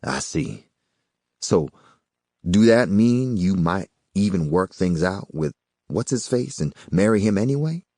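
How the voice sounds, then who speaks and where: A man's voice: deep voice, expressive, a little slow, darkish tone, dry recording, studio quality, exaggerated voice. A man voicing a cocky hustler with a folksy, drawling in an audiobook. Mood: coaxing. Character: smooth-talking Southern man, a cocky small-time hustler. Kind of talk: audiobook character voice.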